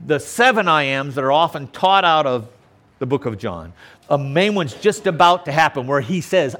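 Animated preaching man, higher voice. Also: moderate pace. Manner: emphatic, keeps checking in with "okay?". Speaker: pastor. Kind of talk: sermon. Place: outdoors on a lakeshore.

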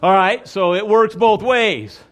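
A pastor delivers a sermon with emphasis, speaking straight to his congregation and now and then acting out the voices of people he quotes. His voice sits high with a slightly bright edge, and he keeps a measured pace.

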